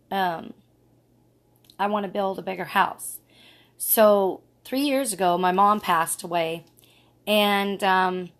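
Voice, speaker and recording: Earnest middle-aged woman telling her story. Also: medium pitch. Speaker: vlogger. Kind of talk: casual personal story vlog.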